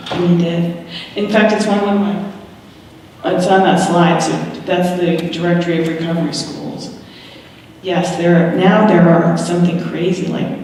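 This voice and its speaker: This middle-aged woman, whose voice is on the low side and a little mellow, shares her family's story with an audience, frank and laughing often as she acts out quoted voices. A distant, echoey hall recording adds a little hiss or hum.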